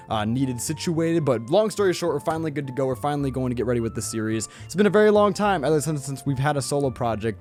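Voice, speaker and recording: A man's voice: medium pitch, a little mellow. A young man giving goofy, rambling let's play commentary with jokey asides. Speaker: gaming YouTuber. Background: faint background music.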